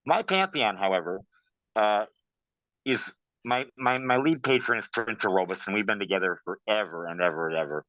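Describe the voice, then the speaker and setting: A man talking casually in an interview, telling stories in a lively way and saying "man" and "bro" a lot. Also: lowish voice, normal speed, dry recording. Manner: animated storytelling, says "man" and "bro". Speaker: guest practitioner. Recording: dull, dry sound.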